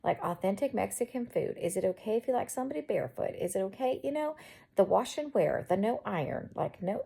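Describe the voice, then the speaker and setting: A woman's voice: mid-range voice, lively intonation, quick pace, gravelly, mellow, breathy edge. A woman with a Southern accent chatting in her bedroom, rambling and quirky as she talks to her viewers. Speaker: vlogger. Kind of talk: casual chat.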